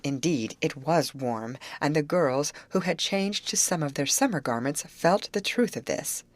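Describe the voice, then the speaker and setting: A woman with a low voice reads an audiobook in measured, expressive narration. Her pitch moves in lively swings, and the read is dry and close to the mic. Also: dry recording. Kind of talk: scripted narration.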